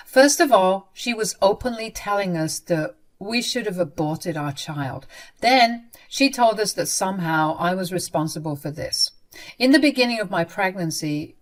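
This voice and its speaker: A woman narrating a first-person story in a subdued, earnest way. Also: on the low side.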